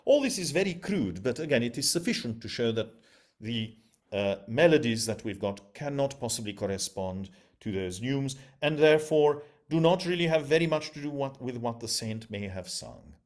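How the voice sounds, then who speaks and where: A man's voice: mid-range voice, expressive, moderate pace. Erudite male lecturer on a video call. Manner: formal, erudite phrasing with hesitant fillers.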